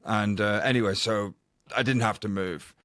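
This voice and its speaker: In a dry, studio-quality recording, this podcast co-host rambles through an anecdote during casual conversation. His voice is fairly low and fairly bright, with fairly even intonation and a normal speed.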